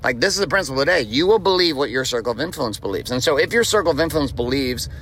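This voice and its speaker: A man's voice: medium pitch, lively intonation, quick pace, a bit bright, slight background noise. Blunt, profane male podcast host. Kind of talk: motivational podcast monologue.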